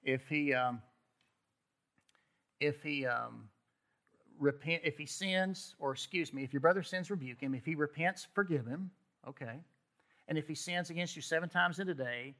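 A man's voice: a little high, normal speed, bright, forceful tone. A man preaching a sermon in a conversational way, often checking in with "okay?" and restarting his words. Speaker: pastor.

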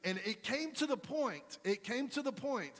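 Storytelling pastor in an echoing church hall. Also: male voice, very high-pitched, expressive, moderate pace, fairly bright tone. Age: 30s. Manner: storytelling, conversational, self-deprecating humor. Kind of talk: sermon. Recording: long hall reverb.

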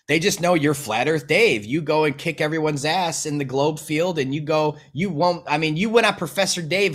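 A man's voice: a little high, fairly bright tone. A young man hosting a podcast interview, asking questions with emphatic energy. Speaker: podcast host. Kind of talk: casual interview.

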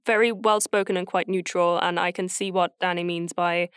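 A woman talks in a relaxed, considered way, pausing on fillers as she explains her work. Her voice is smooth and clear. The sound is close and dry. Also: lowish voice, dry recording. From Germany. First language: German. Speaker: guest, actor. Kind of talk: casual chat.

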